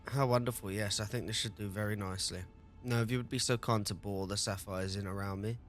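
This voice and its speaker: A man voicing an ancient, weary, formal sorcerer creature from a game, reading its lines aloud in a slow, formal way. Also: lowish voice, fairly even intonation, soft background music, lightly acted. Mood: fussy.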